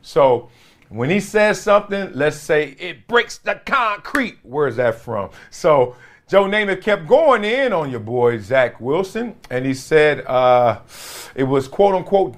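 Animated, slangy sports-talk man. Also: medium pitch. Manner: animated, laughing, slangy and blunt. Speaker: podcast host, former pro football player.

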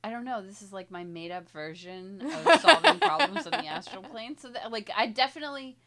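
A woman co-hosting a casual podcast, expressive and quick to swear and exclaim in surprise. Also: on the high side, crowd noise. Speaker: podcast co-host. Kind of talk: casual chat.

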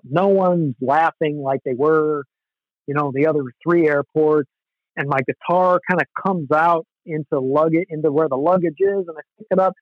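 A man casually telling an animated, loose, swearing story about touring as a musician. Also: fairly high pitch, dry recording. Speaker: musician guest. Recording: dull, lo-fi sound.

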